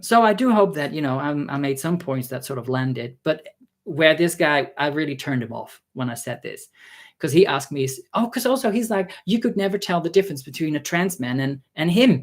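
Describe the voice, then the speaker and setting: Sounding weary, a man tells a casual story for his vlog with sarcasm and exasperation, and his pitch leaps suddenly whenever he imitates someone he's quoting.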